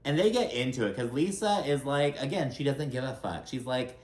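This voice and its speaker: A man's voice: mid-range voice, lively intonation, fairly quick, hardly any pauses, darkish tone, reverberant. A man hosting a casual reality TV recap, talking in a chatty, blunt way with lots of fillers and swearing, and acting out the cast members' lines.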